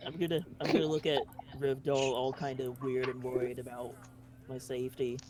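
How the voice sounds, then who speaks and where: A man's voice: mid-range voice, little pitch movement, moderate pace, crowd noise. A man playing in a tabletop game, bantering crudely and joking. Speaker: player. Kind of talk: casual tabletop game chat.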